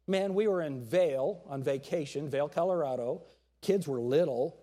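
A middle-aged man preaching a sermon to his church, animated, acting out quotes and jokes along the way. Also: a little high, moderate pace. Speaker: pastor.

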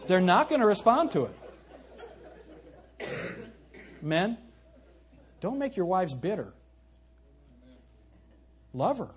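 A man's voice: high-pitched, big pitch swings, slow, long pauses. A male pastor preaching an emphatic sermon, asking his congregation questions and reading scripture aloud.

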